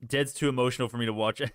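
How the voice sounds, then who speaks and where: A man's voice: medium pitch, fairly bright tone, smooth, no echo, clean studio sound. A young man hosting a casual stock live stream, rambling, reading the chat and restarting sentences.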